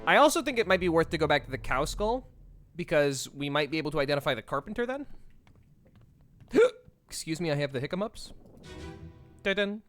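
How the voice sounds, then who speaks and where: A man's voice: on the high side, very animated, brisk, a bit bright, no room sound, faint music behind. A man streaming a game, thinking aloud in a playful, rambling way and swearing casually as he talks to chat.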